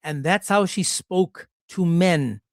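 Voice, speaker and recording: A man talking straight into a dry, close microphone with no room sound. He sits a touch high for a male voice and mocks his subject, slipping into put-on voices for the people he quotes. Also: takes it slowly, no room sound. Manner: mocking, sarcastic, acts out quoted voices. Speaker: commentary channel host. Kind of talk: monologue commentary on a clip.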